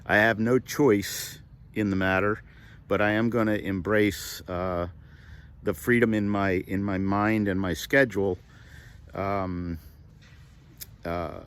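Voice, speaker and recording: Soft-spoken older man, halting and heartfelt. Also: on the low side, clear, resonant tone. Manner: halting and heartfelt, with many pauses and fillers. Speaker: comedian vlogger. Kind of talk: reflective personal talk to camera.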